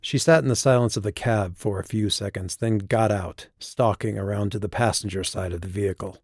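Male audiobook narrator, deep, low voice, dry close booth sound. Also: fairly even intonation, fairly quick, a little mellow, no room sound.

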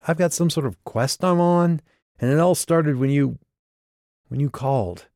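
A man voicing a grieving, sharp-tongued young woman in an audiobook, with his voice raised and tearful. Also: a little slow, no echo, studio quality. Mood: grieving, bitter. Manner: raised pitch, tearful and bitter.

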